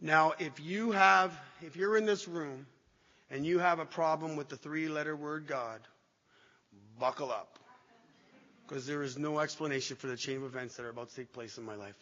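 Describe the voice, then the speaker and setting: A man's voice: fairly high pitch, bright, forceful tone. Man telling his story in a hall. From Canada. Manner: emotional, halting, with repeated restarts. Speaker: recovery speaker. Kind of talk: personal testimony talk to an audience. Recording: dull echoey hall recording.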